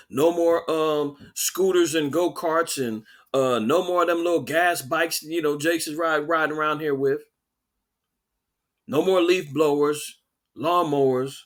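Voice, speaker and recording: Man, podcast host, ranting commentary, sarcastic, slightly high voice. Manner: animated, sarcastic, mocking.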